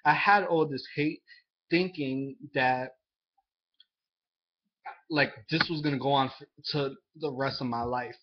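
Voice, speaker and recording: A young man telling a personal story to the camera in a halting, earnest way, full of fillers and restarts. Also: mid-range voice, steady tone. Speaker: vlogger. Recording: dull lo-fi sound.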